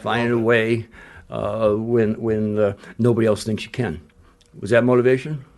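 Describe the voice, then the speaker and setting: A man's voice: lowish voice, little pitch movement, normal speed, a little mellow. Blunt rambling older man. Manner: blunt, rambling, restarts mid-sentence, salty language. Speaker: guest, retired basketball coach. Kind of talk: casual interview storytelling.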